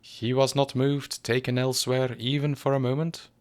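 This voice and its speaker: A man voicing an irritable, agitated male professor in a storybook reading, speaking in a high, sharp, insistent voice. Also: level tone, normal speed, close to an everyday voice.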